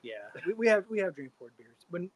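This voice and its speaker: Man, co-host, casual live-stream chat, laid-back, fairly high voice. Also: animated, brisk, rough recording. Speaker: homebrew show co-host.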